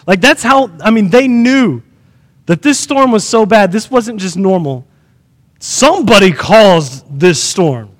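A man preaching a sermon in an animated way, acting out the scenes he tells. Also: high voice, measured pace, big-room sound.

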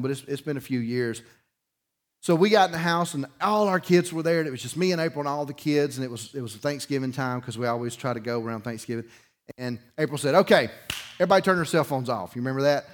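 A middle-aged man, preaching a sermon through a folksy personal story, swinging between loud bursts and quiet emphasis. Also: medium pitch. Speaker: pastor.

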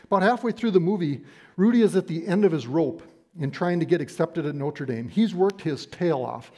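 Emphatic male preacher, mellow voice. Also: on the high side, lively intonation. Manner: emphatic, deliberate, slows down on key phrases. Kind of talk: sermon.

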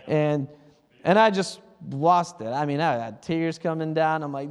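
A man with a high voice delivers a relaxed, chatty sermon from the stage. He slips into quick imitations of other people's prayers and chuckles along the way. His voice carries through a large church hall with a long, lingering reverb. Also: clean tone. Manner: conversational, self-laughing, mimics others' prayers. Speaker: pastor.

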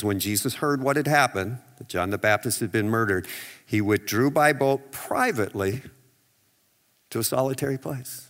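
Man preaching in a bright, echoing hall. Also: medium pitch, very animated, a little slow. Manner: conversational preaching with rhetorical questions and acted-out quotes. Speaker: pastor. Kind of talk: sermon.

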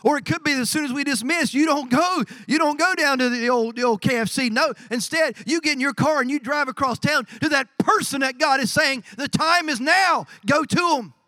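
A man preaching a sermon as pastor, building to drawn-out shouted emphasis. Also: extremely high pitch, no room sound.

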